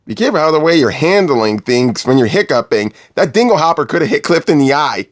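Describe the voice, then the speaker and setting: A man's voice: a little high, very animated, brisk. A man reviewing a cartoon episode, crude and exasperated, swearing often. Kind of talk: profane commentary over clips.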